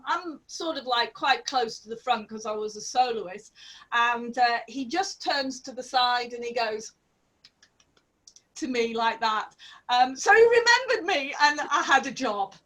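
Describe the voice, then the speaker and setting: Brief: middle-aged woman, ex-ballet dancer, lively and laughing, slightly high voice, video call. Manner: lively, laughing storyteller with many fillers. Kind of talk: animated anecdote on a video call.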